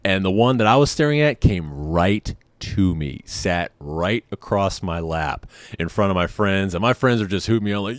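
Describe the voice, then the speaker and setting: A man's voice: sits low, normal speed, no room sound. A man hosting a podcast, telling a casual, self-deprecating story in a rambling way with frequent laughs. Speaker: podcast host.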